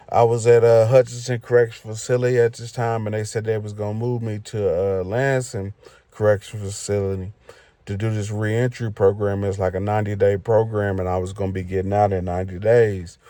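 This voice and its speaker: A man with a low voice tells a story in a loose, rambling way. He leans on fillers as he talks. The recording is close and dry, with no room sound. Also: mellow, dry recording. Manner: loose, rambling, filler "you know what I'm saying". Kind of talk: casual storytime vlog.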